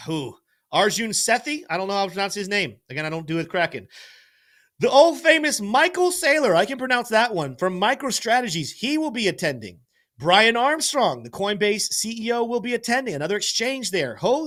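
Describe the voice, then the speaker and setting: Here a man with a high-pitched, fairly bright voice and big swings in intonation speaks at a normal rate. It's live-stream market commentary: he energetically covers crypto charts, addresses his chat, and occasionally mangles names.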